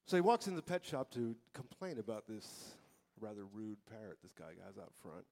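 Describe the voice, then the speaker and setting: A man telling a long joke on stage at a live music gig, in a deadpan, unhurried way, through a stage microphone. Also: lowish voice. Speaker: joke teller at a band gig.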